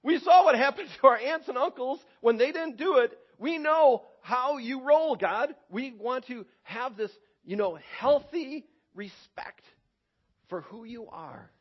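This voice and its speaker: A man's voice: extremely high pitch, expressive, a little slow, husky, lo-fi sound, pitched above the performer's own voice, full character voice. A man putting on the voice of earnest people promising obedience, raised and pleading. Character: eager people vowing obedience to God.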